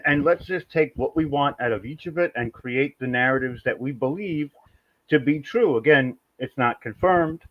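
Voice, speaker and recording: A male podcast host lavishes praise on his guest and repeats his points for emphasis. His voice comes through dull and lo-fi. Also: mid-range voice. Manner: effusive, praising, repeats himself. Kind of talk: podcast interview. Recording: dull lo-fi audio.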